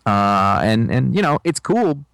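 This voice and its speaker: Male podcast co-host, close dry sound, quick jokey asides. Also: mid-range voice, big pitch swings, vocal fry, a bit bright, no room sound. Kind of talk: casual chat.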